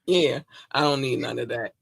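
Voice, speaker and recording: A woman's voice: very deep voice, normal speed, vocal fry, husky, no room sound. A woman co-hosting a casual podcast, effusive and playful, speaking. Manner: bubbly and effusive, shouting out listeners. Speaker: podcast co-host.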